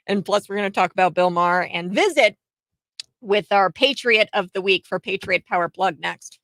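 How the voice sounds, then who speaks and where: A woman's voice: medium pitch, moderate pace, a bit bright, no echo, poor audio. A woman hosting a commentary show, talking in a chatty, sarcastic way with many filler words and short laughs. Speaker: host. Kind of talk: political commentary.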